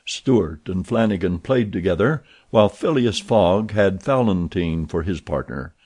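Man, low voice, audiobook narration, steady, even reading. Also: a little slow, breathy edge. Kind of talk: scripted narration.

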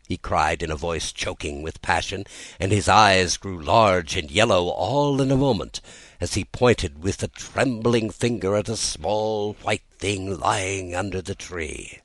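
A man reads a storybook aloud in a low voice. His narration is animated and swings widely in pitch, and the recording is dry and close. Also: moderate pace, no room sound. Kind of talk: storybook reading.

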